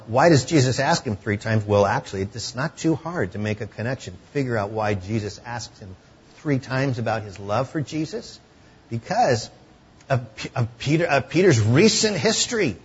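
Brief: male preacher, husky voice, conversational sermon delivery, muffled lo-fi recording. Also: mid-range voice. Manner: conversational, drops to hushed tones for emotional moments.

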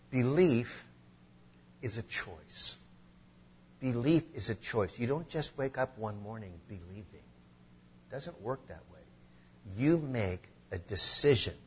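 A man preaching a sermon, earnest, with slow emphatic stresses. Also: fairly low pitch, highs cut off, a little hiss or hum. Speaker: pastor.

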